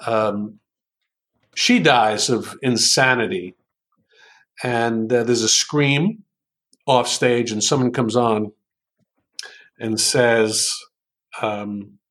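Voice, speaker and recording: Brief: man from New York, guest in an interview, unhurried speaker who muses aloud with frequent fillers, mid-pitched voice. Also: a bit bright. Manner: unhurried storytelling with many ums. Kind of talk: interview conversation.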